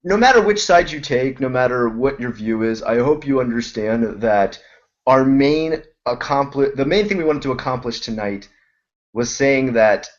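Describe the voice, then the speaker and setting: A man's voice: medium pitch, expressive, moderate pace. Man rambling through a show sign-off. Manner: loose, rambling wrap-up with crude asides. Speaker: co-host of a web show. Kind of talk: casual web show chat and sign-off. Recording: muffled video call audio.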